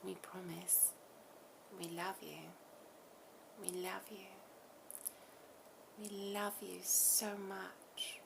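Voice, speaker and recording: A woman's voice: fairly low pitch, fairly even intonation, vocal fry, noisy background, heavily acted. A woman channeling a tender, whispery spirit. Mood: tender, soothing. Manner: slow, soft, often half-whispered affirmations. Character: loving collective spirit, genderless, calm and tender.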